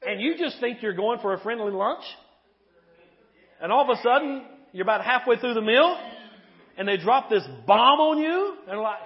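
A man preaching a sermon to a live congregation, animated and playful, asking the crowd questions. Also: high voice, a little fast, muffled recording. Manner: playful humor. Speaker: pastor.

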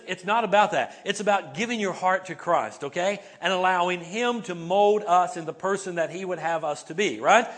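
Pastor, male, high-pitched, preaches in a chatty way, punctuates with "right?", asks the room to repeat key words. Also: fairly bright tone. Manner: conversational, many "right?" and "okay?" tags. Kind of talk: sermon. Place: church sanctuary before a congregation.

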